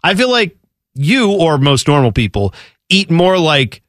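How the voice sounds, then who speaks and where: A man's voice: fairly high pitch, very animated, a little slow, fairly bright tone, dry recording, studio quality. A man co-hosting a radio show in a casual, rambling, self-deprecating chat.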